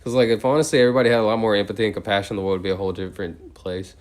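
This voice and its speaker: A man livestreaming as he counts out loud without a break, now and then drifting off into rambling chat full of "like". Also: on the low side, fairly even intonation, racing.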